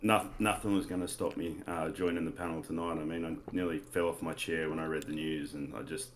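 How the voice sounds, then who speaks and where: A man's voice: very deep voice, steady tone, a little fast, slight background noise. An Australian man, a podcast guest, talking in a laid-back, hesitant way.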